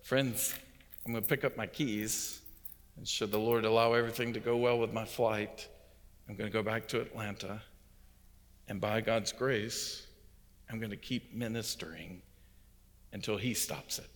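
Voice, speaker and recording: A man's voice: lowish voice, fairly even intonation, moderate pace, pauses often. A man, a visiting pastor, delivering an emphatic sermon that swells and drops in intensity. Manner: emphatic preaching with rising and falling intensity. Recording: long hall reverb.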